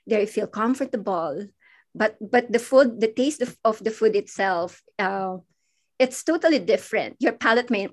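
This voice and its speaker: A woman, a restaurant owner speaking on an online panel. She talks haltingly, with many restarts, and gets emotional. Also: mid-range voice.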